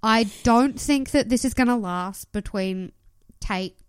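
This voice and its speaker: A woman's voice: on the high side, unhurried, clean tone, dry recording. A woman co-hosting a casual podcast, making sarcastic and crude jokes about a dating show. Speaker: podcast co-host. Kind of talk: casual chat.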